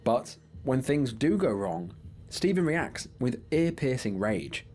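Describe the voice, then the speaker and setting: A man with a mid-range voice narrates in a measured, grim scripted style. He tells a dark online documentary story with steady delivery. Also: medium pitch, a little hiss or hum.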